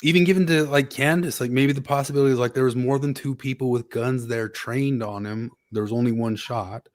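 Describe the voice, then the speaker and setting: A man's voice: medium pitch, fairly even intonation, fairly quick. Male podcast host, mid-range voice, loose rambling casual delivery. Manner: rambling, hedging with many fillers. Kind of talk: casual conversational chat.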